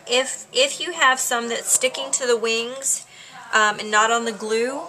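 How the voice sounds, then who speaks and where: A woman chatting her way through a craft tutorial at home, relaxed, with lots of ums. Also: a little high, a little slow. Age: adult with a child.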